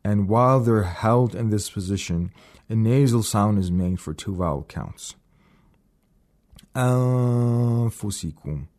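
A man teaching recitation on a radio program, explaining slowly and repeating words to demonstrate. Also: on the low side, darkish tone. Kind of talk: radio lesson.

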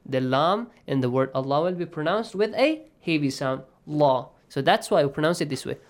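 Quran teacher guy walking students through tajweed, explains slowly, checks in a lot. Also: fairly high pitch, lively intonation. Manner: explains patiently, often checks with "yes?" and "okay?". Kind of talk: online tajweed lesson.

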